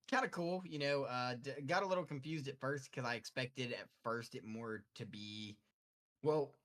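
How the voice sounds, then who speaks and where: A man's voice: medium pitch, a bit bright. A man co-hosting a casual game podcast, rambling and hesitant, with lots of ums as he recounts playing. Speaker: podcast co-host.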